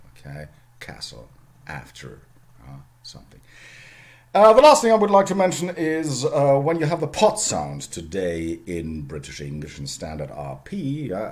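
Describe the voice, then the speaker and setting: A middle-aged man giving a university lecture, often adding "okay" and "yeah" to check the room. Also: low voice. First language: German. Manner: lively, fond of "okay" and "yeah" tags.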